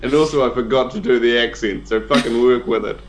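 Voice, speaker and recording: A man's voice: medium pitch, fairly even intonation, brisk, a little hiss or hum. A man with a New Zealand accent, a player in a tabletop game, chatting casually and joking with some swearing. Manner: jokey, profane.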